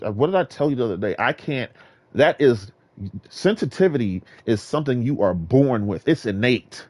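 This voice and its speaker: A man's voice: medium pitch, moderate pace. A man from Virginia ranting and trash-talking in a casual gaming vlog monologue. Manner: animated, boastful, trash-talking. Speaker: gaming vlogger.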